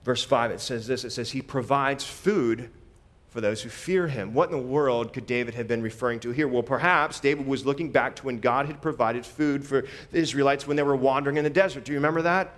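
A man preaching a sermon in a conversational, animated way, often repeating phrases as he walks through scripture. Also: mid-range voice, brisk.

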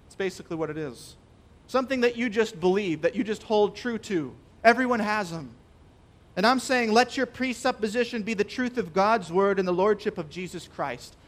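A man preaching a sermon, emphatic and stressing key phrases by slowing down. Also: sits high.

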